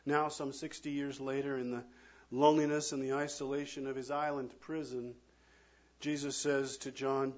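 A man preaching a sermon as pastor, swinging from loud, emphatic lines to hushed, near-whispered ones. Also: mid-range voice, normal speed, highs cut off.

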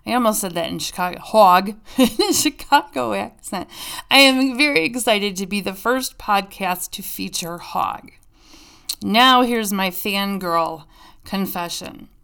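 A woman hosts a music podcast in a relaxed, chatty way, gushing about the bands she introduces. Her medium-pitched voice carries a steady gravelly fry, and she tosses in quick asides as she talks. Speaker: podcast host.

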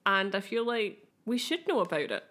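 A woman's voice: medium pitch, big pitch swings, normal speed, fairly bright tone. A woman co-hosting a podcast in casual chat, teasing and laughing often. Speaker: podcast co-host.

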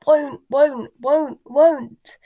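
A woman voicing a bitter, stubborn old male house elf with a croaking voice, in a whispered role-play reading of a storybook. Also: high-pitched, fairly even intonation, drawn-out words, warm tone, no echo, voice pushed up, full character voice. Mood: defiant croaking.

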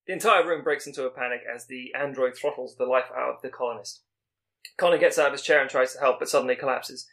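A man at a middle pitch summarizes a story's plot at a quick clip. He stumbles now and then, restarts the phrase, and keeps pushing the recap forward. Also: fairly bright tone.

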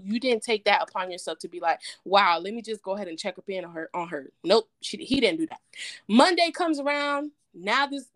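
Animated woman telling a story. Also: mid-range voice, no room sound, studio quality. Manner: animated storyteller, quotes others in dialogue. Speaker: podcast co-host. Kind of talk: casual chat, storytelling.

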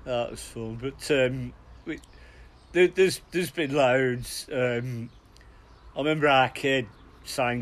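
A middle-aged man, co-hosting a podcast and telling lively, chuckling anecdotes with plenty of restarts. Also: medium pitch, takes it slowly. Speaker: podcast co-host. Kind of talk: casual storytelling.

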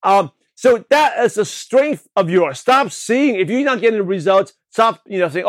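Man, high voice, slight lisp, motivational coach, energetic, keeps asking "right?", dry room. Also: normal speed, hardly any pauses, no echo. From Brooklyn, New York. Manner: energetic, repetitive, asks the listener questions. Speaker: podcast host, network marketing coach. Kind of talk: motivational talk.

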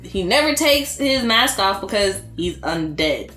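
An animated woman chatting casually about anime, her pitch swinging widely as she acts out scenes. Her voice rings in a roomy, echoey space. Faint music plays behind her. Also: unhurried.

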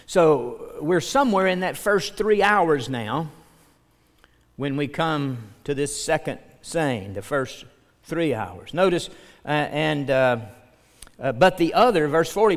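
Male pastor, slightly high voice, unhurried earnest sermon, church hall reverb. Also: animated. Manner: slow, earnest preaching, reading scripture aloud.

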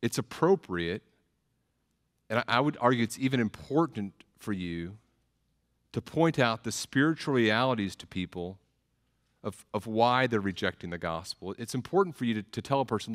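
A man's voice: medium pitch, animated, normal speed, a bit bright. A man preaching a sermon as a pastor, earnest, often repeating words as he starts phrases.

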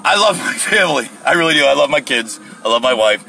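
A man's voice: mid-range voice, quick pace, vocal fry, pushed and bright, soft background music, poor audio. A middle-aged man hosting a casual solo podcast from his car, telling a rambling story and acting out the people in it with mock voices. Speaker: podcast host. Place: in a car, at a gas station.

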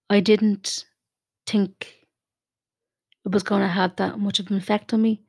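Soft-spoken woman with gravelly fry. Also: medium pitch. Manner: gentle, soothing, unhurried. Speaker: podcast host. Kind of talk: guided relaxation and personal podcast talk.

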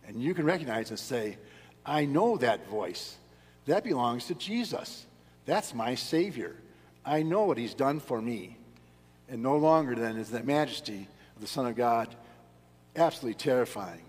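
Preaching a sermon as pastor, a man speaks earnestly and emphatically, leaning hard on key words. His voice is husky and of medium pitch. The church sanctuary gives the recording a long reverb.

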